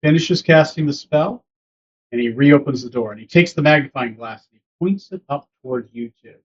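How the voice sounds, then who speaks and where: A man's voice: a little high, normal speed. A man narrating a tabletop game as game master, rambling with many fillers. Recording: dull lo-fi recording.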